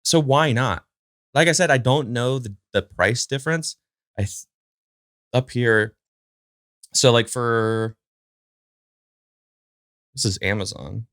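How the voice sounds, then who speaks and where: A man's voice: mid-range voice, takes it slowly, long pauses, a bit bright, no echo, studio quality. A man hosting his own podcast at home, talking casually from a chair in front of a camera, rambling with lots of fillers and side remarks to his dog. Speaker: podcast host. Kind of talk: casual solo chat. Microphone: recording to a camera.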